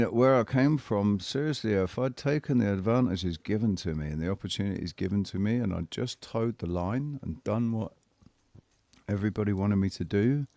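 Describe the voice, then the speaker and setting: A man co-hosting a casual podcast, telling stories in an animated, sweary way. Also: lowish voice, dry recording. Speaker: podcast co-host. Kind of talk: casual chat.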